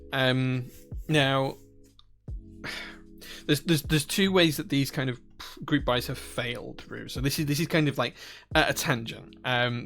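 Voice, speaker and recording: Here a Northern Irish man hosts a live stream, chatting loosely with viewers and reading chat questions. His mid-range voice is creaky and a bit bright, and his talk rambles along with frequent restarts and fillers.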